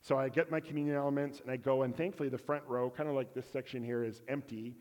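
A man's voice: medium pitch, fairly even intonation, fast, darkish tone, big-room sound. A man telling a personal story in a sermon, candid and self-deprecating, acting out bits of dialogue. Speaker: preacher. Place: church.

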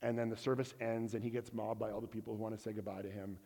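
A man's voice: fairly low pitch, flat delivery, fast, gravelly, dark tone, long reverb tail. A man telling a personal story in a sermon, candid and self-deprecating, acting out bits of dialogue. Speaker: preacher. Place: church.

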